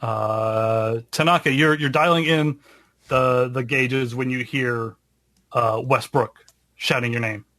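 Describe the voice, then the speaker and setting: A man runs a tabletop game as game master, describing scenes slowly. He pauses often and fills gaps with ums. His voice sits in a mid range and sounds dry and close. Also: medium pitch, steady tone, pushed and bright, no room sound. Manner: halting, filler-heavy narration.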